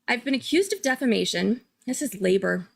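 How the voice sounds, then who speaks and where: A woman hosting a casual live-stream commentary, chatty and excitable, thinking aloud and laughing often. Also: on the high side, fairly quick, creaky, husky. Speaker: true-crime commentary host.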